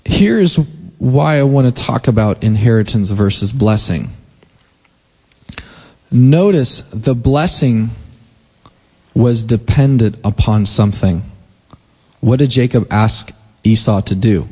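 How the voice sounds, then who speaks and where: A man preaching a sermon in a loose, conversational way, retelling scripture with quick voiced quotes and growing emphatic. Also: fairly low pitch, warm tone, breathy edge. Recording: long hall reverb.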